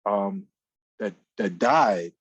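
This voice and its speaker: Very slow and husky, a man with a fairly low voice rambles through casual talk radio commentary as a live show co-host in an office. He repeats phrases and uses many fillers, and the dry recording has its highs cut off.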